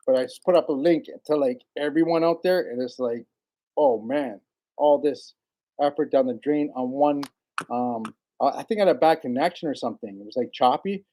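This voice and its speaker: A man with a mellow voice on the high side hosts a casual livestream. He rambles in a laid-back way, greets viewers by name, and laughs often.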